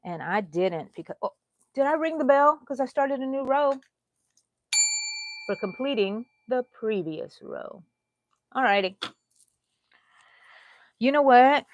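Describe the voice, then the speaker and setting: A woman's voice: high-pitched, expressive, slow, long pauses, dry recording, dull audio. Middle-aged woman host, rambling chatty livestream talk while crocheting, dry close sound. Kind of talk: casual chat during a livestream.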